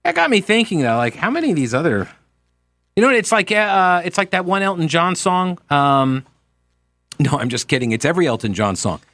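Animated, joking American radio host. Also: male voice, on the high side, a little fast, no echo. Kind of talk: casual talk radio monologue. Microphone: studio microphone.

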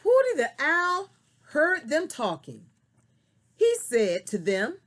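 A woman telling a story to children, slow and very expressive, then talking to her young viewers. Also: high voice. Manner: slow, sing-song and very expressive.

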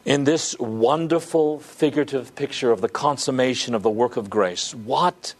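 A man's voice: mid-range voice, moderate pace, hardly any pauses. A male pastor preaching a sermon, earnest and stretching key words for emphasis.

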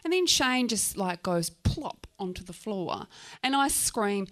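A Tasmanian woman with an Australian accent tells an audience a personal story, frank and animated, swearing freely and acting out scenes. Her voice is medium in pitch, a little slow, with few pauses.

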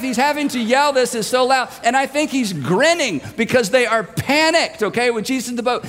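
A male pastor preaching a sermon, telling the story in an animated, emphatic way. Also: very high-pitched, moderate pace, few pauses, long reverb tail.

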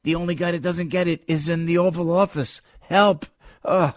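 A man's voice: a little high, fairly even intonation, normal speed, no room sound. A man hosting a talk radio show, taking calls and agreeing with his guests effusively. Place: studio. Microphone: close studio mic. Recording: dry studio sound.

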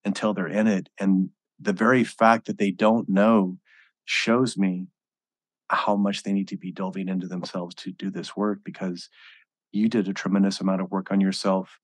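A man hosting a podcast interview, speaking in a measured, reflective way. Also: deep voice, flat delivery, dry recording. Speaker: podcast host. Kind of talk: interview talk.

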